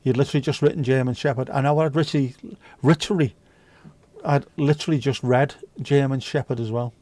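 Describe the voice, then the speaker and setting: Reading his viewers' comments aloud, a British livestream host chats and jokes casually. He talks at a quick pace in a mid-range, darkish voice with fairly even intonation, and there's no room sound.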